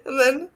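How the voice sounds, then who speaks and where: A young woman co-hosting a podcast, casually recapping a film and often dissolving into giggles. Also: high voice. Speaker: podcast co-host. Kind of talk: casual movie-recap chat.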